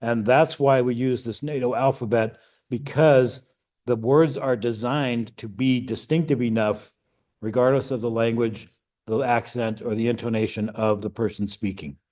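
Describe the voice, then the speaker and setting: A man's voice: medium pitch, steady tone, normal speed, darkish tone. A middle-aged man teaching an amateur radio class, explaining step by step in a conversational way and checking in with "okay?" and "right?". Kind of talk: classroom lecture.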